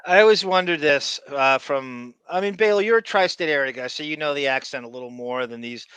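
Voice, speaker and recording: A man's voice: a little high, fairly quick, noisy background. A middle-aged man with a faint Long Island accent, hosting a podcast in rambling casual chat with emphatic asides. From Long Island, New York. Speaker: podcast host.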